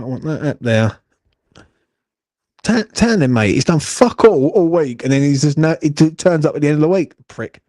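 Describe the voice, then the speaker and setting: A man's voice: on the high side, dark tone, dry recording, studio quality. A young man, hosting a live horse racing watchalong, swearing and grumbling in a rambling way. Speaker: watchalong host.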